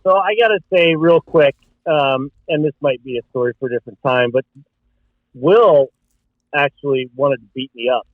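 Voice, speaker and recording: A man in his forties joins a podcast as a guest and speaks in a relaxed, dry, self-mocking way. His pitch sits in an ordinary middle range. The sound is muffled and dull, with no room echo. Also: moderate pace. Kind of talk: casual chat.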